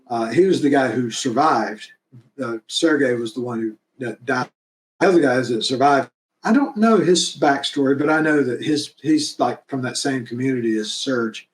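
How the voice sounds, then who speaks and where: A man talking enthusiastically about producing his fan film episodes, rambling and laughing now and then. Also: mid-range voice. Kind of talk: casual interview chat. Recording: roomy echo.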